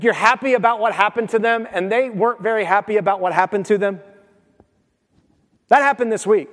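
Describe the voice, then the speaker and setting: A high-pitched man preaches to his congregation in a relaxed, conversational way, moving between scripture and everyday stories and often putting questions straight to his listeners. His voice rings out with a long reverb, as if carried through a church sanctuary. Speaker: pastor. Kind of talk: sermon.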